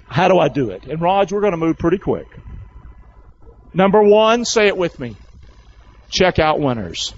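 High-voiced preacher urging his congregation on. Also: highs cut off. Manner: animated, coaxing calls to the congregation. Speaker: pastor. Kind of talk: sermon. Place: large church with congregation.

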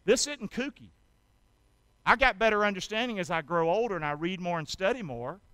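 A man's voice: high-pitched, expressive, brisk, pushed and bright, smooth, no echo. A man preaching a sermon as pastor, emphatic, asking the congregation questions and answering them himself, with scripture read aloud. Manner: reads scripture aloud dramatically.

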